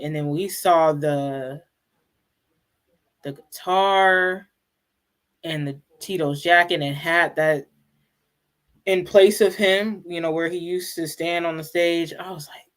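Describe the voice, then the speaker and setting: Woman co-host with a lowish voice. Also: fairly even intonation, slow pace. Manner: retells scenes by quoting people, with laughter. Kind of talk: casual chat.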